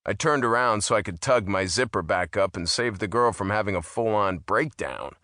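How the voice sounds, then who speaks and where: A man's voice: on the low side, animated, normal speed, bright, forceful tone, dry recording. A man narrating a first-person audiobook in a wry, amused manner on a close studio mic.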